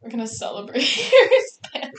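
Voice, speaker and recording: A woman's voice: on the high side, big pitch swings, brisk. A young woman co-hosting a podcast in casual chat, playful and teasing, laughing often. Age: young adult. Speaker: podcast co-host. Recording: echoey room.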